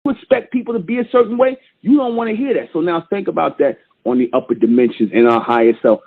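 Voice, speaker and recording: A man's voice: on the high side, fast, husky. Emphatic preaching man, tinny phone line. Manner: repetitive, emphatic preaching cadence. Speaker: show host. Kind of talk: preachy call-in show monologue.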